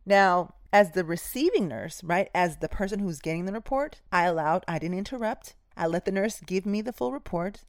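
A woman nurse talks to her listeners in a low, steady voice, direct and emphatic as she tells stories from her shifts. The sound is close and dry, with no room around it. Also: moderate pace, hardly any pauses, no echo. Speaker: nurse and podcast host. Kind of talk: casual instructive storytelling.

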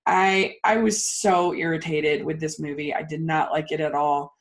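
Ranting woman reviewing movies. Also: deep voice. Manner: animated, ranting, fast bursts. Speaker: podcast co-host. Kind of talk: casual movie review chat.

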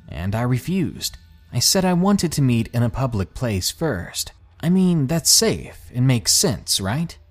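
A man hosting a podcast, narrating listener stories in a measured way with dramatic pauses. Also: mid-range voice, a little mellow. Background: faint background music.

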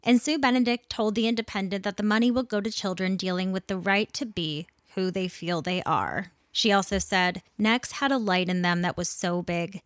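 A woman hosts a podcast, reading the news in an earnest, indignant tone. Her voice sits at a middling pitch. The recording is dry and close, with no room sound. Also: moderate pace, few pauses, no room sound. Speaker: podcast host.

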